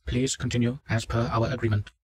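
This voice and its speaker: A man's voice: mid-range voice, level tone, fairly quick, darkish tone, voice pushed up, close to an everyday voice. A man voicing a polite, insistent male doctor giving orders over a headset. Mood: clinical.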